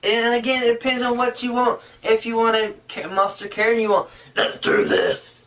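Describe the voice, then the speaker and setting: A man's voice: very high voice, level tone, a little fast, fairly bright tone. Guy explaining stuff earnestly, kinda rambly, sounds far from the mic. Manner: earnest, rambling, often restarting sentences. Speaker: puppetry instructor. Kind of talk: casual how-to tutorial.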